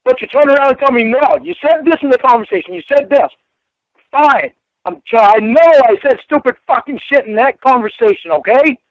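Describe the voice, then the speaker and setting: A man's voice: very high voice, lively intonation, fairly quick, dry recording, muffled recording. A man in a heated argument, angry and bitter, swearing and issuing ultimatums. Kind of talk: heated argument on a phone call.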